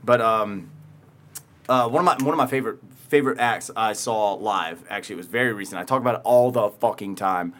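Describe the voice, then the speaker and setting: A man's voice: lowish voice, a little fast, fairly bright tone. A man hosting a podcast in casual chat, rambling with frequent laughs and swearing. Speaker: podcast host.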